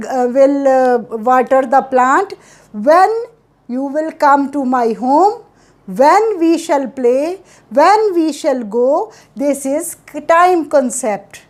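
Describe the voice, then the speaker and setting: A woman gives a spoken lesson. Her voice sits high, and she talks at an unhurried, deliberate pace. She drills one simple question after another, repeating each pattern so learners can follow. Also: expressive, a little mellow. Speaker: English teacher.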